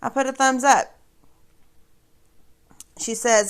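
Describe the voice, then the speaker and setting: A woman's voice: fairly high pitch, slow, long pauses. A woman hosting a casual livestream, talking straight to her viewers in a sarcastic, mocking way. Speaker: livestream host.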